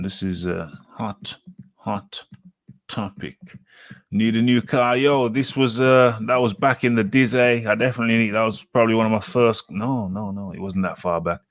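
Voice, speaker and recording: A man's voice: fairly low pitch, no echo. A man hosting a live boxing talk show, rambling casually and repeating himself as he reads comments. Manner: rambling, self-correcting, repeats phrases. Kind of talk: casual live-stream chat.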